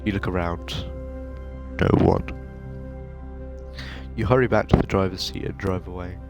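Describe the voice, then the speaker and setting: A man reads the story text of a narrative game aloud for his video. His voice sits on the low side and stays even and steady. Game music plays clearly under every line. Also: a little slow. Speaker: gaming video host. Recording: game music playing behind.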